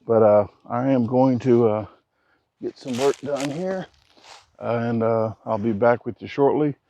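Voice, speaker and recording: A man talking casually to camera while building outdoors, rambling and cracking jokes, keeping his naturally loud voice down. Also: mid-range voice, measured pace. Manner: joking, rambling, self-deprecating asides. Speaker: vlogger. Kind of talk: casual vlog talk to camera. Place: outdoors at a backyard building site. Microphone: action camera.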